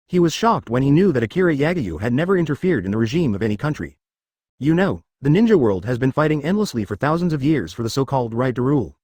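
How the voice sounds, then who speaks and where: Fast, lively male story narrator. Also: mid-range voice, dry recording, clean studio sound.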